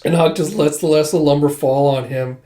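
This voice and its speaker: A man's voice: a little high, steady tone, brisk, mellow. A young man casually recapping a comic book, chatty and acting out lines with "he's like". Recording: echoey room.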